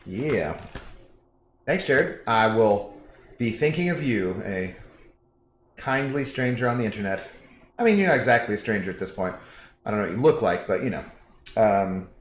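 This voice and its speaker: A man's voice: lowish voice, animated, moderate pace, pauses often, slight background noise. A young man casually chatting with viewers during a game livestream, rambling and reading chat messages aloud. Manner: laid-back, rambling, reads chat aloud. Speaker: game streamer. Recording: echoey room with background music.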